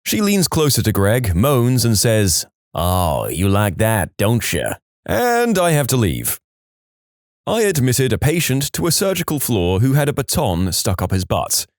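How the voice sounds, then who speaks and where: A man's voice: medium pitch, huge pitch swings, unhurried, no echo. A man reading funny reader-submitted stories aloud in a scripted narration with a dry comic delivery.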